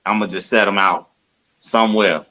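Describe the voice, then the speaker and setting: Podcast co-host, male, bright and pushy tone, slangy ranting, lo-fi sound. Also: lowish voice, steady tone. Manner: loose, slangy ranting with drawn-out spelling. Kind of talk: casual chat.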